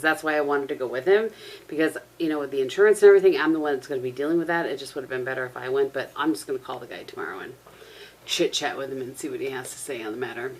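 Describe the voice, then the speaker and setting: Speaking fast in a bass voice, a middle-aged woman vlogs from home, rambling through anecdotes and laughing often as she talks to her camera, which is propped on a tissue box.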